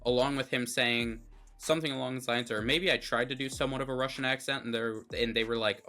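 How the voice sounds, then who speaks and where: A man's voice: medium pitch, fairly quick, pushed and bright, soft background music. A man co-hosting a movie review show, chatting casually and giving blunt, opinionated takes full of fillers.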